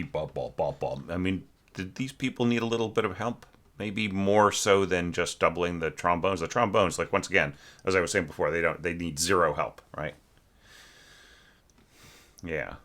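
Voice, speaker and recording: Critiquing a student's orchestration, this orchestration teacher talks in a loose, rambling way, using lots of fillers and singing musical figures. His voice sits low, with a bright, forceful tone.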